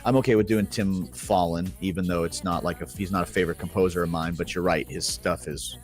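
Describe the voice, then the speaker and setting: A man's voice: low-pitched, steady tone, a little fast, faint music behind. A man co-hosting a podcast in laid-back, rambling casual chat. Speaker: podcast co-host.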